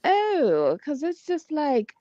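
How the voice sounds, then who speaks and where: Lively, high-voiced woman podcast host. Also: takes it slowly, no room sound, lo-fi sound. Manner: animated, exclaiming, swears freely. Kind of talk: casual gossip chat.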